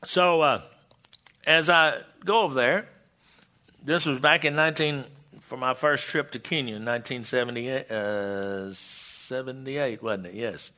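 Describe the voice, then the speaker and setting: A man's voice: mid-range voice, unhurried, sharp tone. An older man preaching a folksy sermon in a church, stumbling into restarts and tossing out call-and-response asides to the congregation. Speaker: pastor.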